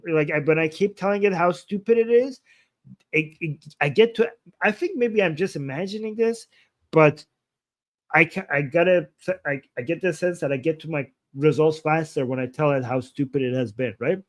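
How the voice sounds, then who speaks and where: Man, high-pitched voice, blunt, casual livestream talk, animated, swears freely. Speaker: livestream host.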